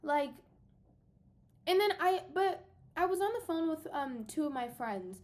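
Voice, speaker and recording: A young woman in her late teens or early twenties with a high voice, unloading her frustrations on camera. Her pitch leaps and dives all over as she vents, emphatic and exasperated, and she speaks straight to her audience like she's catching up with friends. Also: lively intonation, a little slow, darkish tone. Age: young adult. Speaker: vlogger. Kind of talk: casual venting to the camera.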